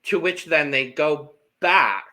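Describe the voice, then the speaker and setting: Guy on a podcast gushing over reality tv, super lively voice, bright and sharp, acts out all the quotes. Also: a little high, takes it slowly. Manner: animated, acts out quotes from the show. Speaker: podcast co-host. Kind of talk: casual reality-TV recap chat.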